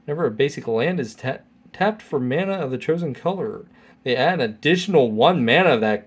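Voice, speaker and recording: A man's voice: mid-range voice, expressive, fairly quick, slightly rough. Man reading cards aloud with wry asides. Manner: reads card text aloud with wry asides. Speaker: channel host. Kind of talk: casual card-opening commentary.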